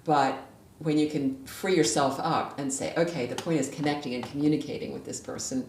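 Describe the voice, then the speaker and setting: A woman with a very deep voice talks through a relaxed interview, telling stories and often restarting her sentences. She sits back from the mic in an echoey room with a faint hiss. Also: a little fast, recorded from a distance. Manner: chatty, storytelling, frequent restarts. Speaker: interview guest, former judge. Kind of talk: casual conversational interview. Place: library room.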